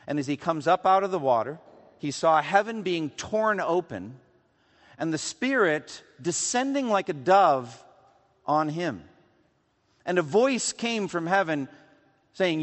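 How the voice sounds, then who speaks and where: A man preaching a sermon earnestly, rising for emphasis and dropping to hushed tones. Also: fairly high pitch, big pitch swings, a little slow. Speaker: pastor. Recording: long hall reverb.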